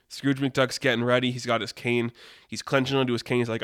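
A man telling an improvised story casually, rambling and animated with lots of fillers. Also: medium pitch, a little fast, smooth, no room sound. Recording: dry close mic.

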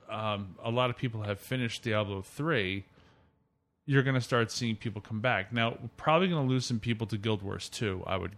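A man's voice: fairly low pitch, a bit bright. A man hosting a casual gaming podcast, chatty and opinionated, steering the conversation through the news. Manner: chatty, opinionated, leads the topics. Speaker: podcast host.

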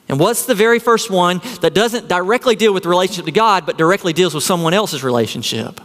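A man's voice: high voice, fast, few pauses, a bit bright. Earnest male pastor preaching in a hall. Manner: earnest preaching with rhetorical questions. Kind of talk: sermon.

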